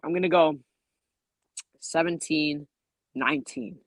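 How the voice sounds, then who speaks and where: A man's voice: a little high, slow, no room sound, low-quality recording. A man co-hosting a casual sports stream, talking hesitantly with fillers as he gives his picks. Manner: mock-whining, hesitant. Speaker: co-host.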